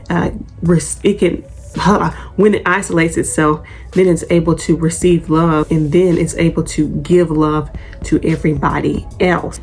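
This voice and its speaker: A woman's voice: lowish voice, darkish tone. A woman hosting her own channel, talking through an astrology forecast in an earnest, chatty way with rhetorical questions. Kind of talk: casual forecast talk to camera.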